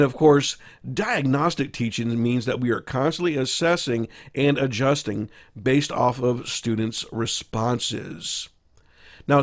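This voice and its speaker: A man with a mid-range voice, talking through a recorded teaching lesson. He explains each point in turn, pausing on fillers and correcting himself now and then as he goes. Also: mid-range voice.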